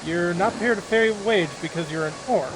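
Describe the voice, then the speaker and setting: Higher-voiced man musing through a game. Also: normal speed. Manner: musing and relaxed, reads his own dialogue choices aloud. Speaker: gamer playing a computer role-playing game. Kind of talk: casual let's-play commentary. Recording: noisy hiss behind voice.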